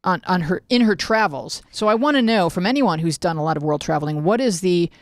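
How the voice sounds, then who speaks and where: A woman's voice: lowish voice, animated, fairly quick, no room sound. A woman hosting a casual chat and telling rambling anecdotes full of fillers. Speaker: host.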